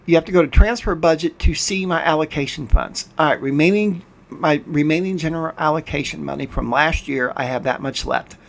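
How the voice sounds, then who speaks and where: Frustrated and ranting, an older gaming host talks over screen capture as he plays, often tripping over his words and restarting. His fairly high voice is brisk and carries vocal fry.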